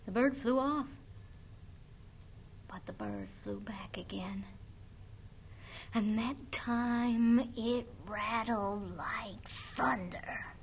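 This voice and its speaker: Lady telling an old folk tale, slow and dramatic, high bright voice. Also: big pitch swings, breathy edge. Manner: dramatic, drops to whispers for suspense. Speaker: storyteller.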